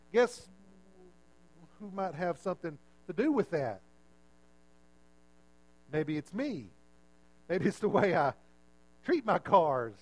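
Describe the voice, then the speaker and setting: Man, pastor, sermon, high-pitched, conversational, wry asides. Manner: conversational, self-mocking, drops voice for punchlines.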